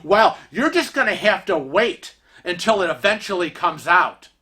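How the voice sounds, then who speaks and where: A woman's voice: lowish voice, very animated, moderate pace, sharp tone. A man voicing a stern female ship security guard who barks orders at a passenger. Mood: scolding. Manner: barking orders, raised voice.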